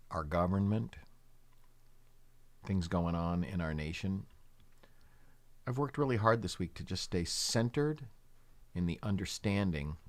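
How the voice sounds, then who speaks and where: A man minister giving a calm, reflective spiritual talk, speaking slowly with gentle pauses and leading his listeners in prayer. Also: sits low. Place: in the United States.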